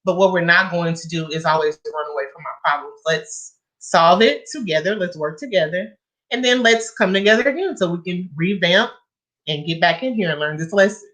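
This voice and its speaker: Female guest, lower voice, earnest and reflective in conversation. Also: brisk, a bit bright, rough recording. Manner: earnest, reflective, speaks to the listener directly. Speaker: guest, music educator. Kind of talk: casual conversation.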